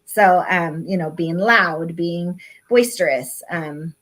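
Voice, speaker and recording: A woman's voice: on the low side, slow, fairly bright tone. A middle-aged woman talking casually on a panel, thoughtful and hedging, with lots of ums and asides. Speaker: re-parenting panelist.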